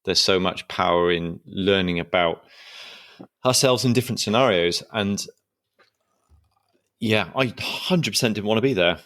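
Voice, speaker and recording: A man's voice: fairly low pitch, measured pace, long pauses, fairly bright tone. A man hosting a coaching podcast, responding in a thoughtful, affirming way. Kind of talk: reflective interview talk.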